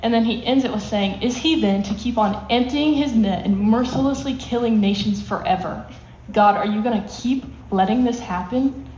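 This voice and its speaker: A woman's voice: on the high side, normal speed, darkish tone. A woman teaching a Bible lesson to students, explaining in plain words and acting out the quotes with emphasis. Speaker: youth Bible study teacher. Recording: echoey room, faint hiss.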